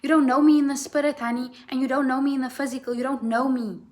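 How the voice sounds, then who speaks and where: High-voiced woman in a blunt tarot rant. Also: level tone, fast, darkish tone. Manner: blunt, profane, repeats "right?". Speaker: tarot reader. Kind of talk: impassioned tarot reading rant.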